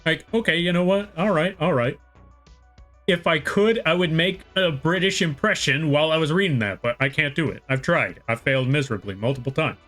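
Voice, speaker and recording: A man's voice: fairly high pitch, brisk, fairly bright tone, faint music behind. A young American man chatting casually with his viewers during a live drawing stream, rambling and poking fun at himself. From United States. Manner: rambling, self-deprecating, chats with viewers. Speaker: art streamer.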